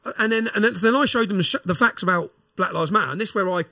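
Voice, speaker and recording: A middle-aged man, a guest on a podcast, retelling events in a casual, animated way and acting out the voices of people he quotes. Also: sits high, rapid-fire, dry recording, clean studio sound. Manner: animated retelling, acts out quoted exchanges, tags lines with "yeah?". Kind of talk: casual storytelling interview.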